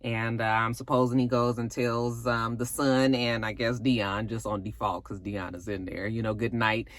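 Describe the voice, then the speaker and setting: A woman's voice: rumbling low, flat delivery, normal speed, no room sound. A woman hosting a casual vlog, recapping a TV episode in a chatty way with plenty of asides. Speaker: vlog host reviewing a TV episode.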